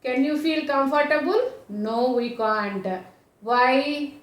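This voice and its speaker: A woman's voice: high-pitched, slow pace. A woman teaching a science lesson to small children in Indian English, asking questions and answering them herself, repeating the key phrases. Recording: echoey room, voice from a distance.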